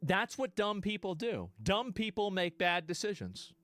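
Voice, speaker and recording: A man streaming live, reacting bluntly to clips with profanity and sudden loud outbursts. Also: high voice, big pitch swings, unhurried, no room sound, soft background music.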